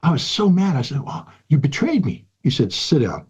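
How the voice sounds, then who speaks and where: Speaking as an interview guest, a man in his sixties from the United States relates a personal story with earnest emphasis, returning to key phrases again and again. His voice is a little high and a little mellow, with a breathy edge and big pitch swings, at normal speed.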